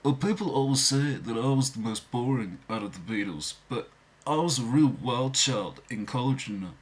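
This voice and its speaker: A man's voice: mid-range voice, expressive, normal speed, pitched above the performer's own voice, natural voice. A man impersonating an affable 1960s drummer, boasting in a chatty way. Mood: boastful.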